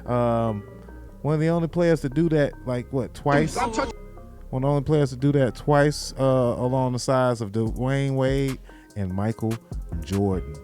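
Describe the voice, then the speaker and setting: A man's voice: mid-range voice, a little slow, a little mellow, soft background music. A man hosting a podcast, giving casual commentary in a loose, slangy, repetitive way. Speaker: podcast host.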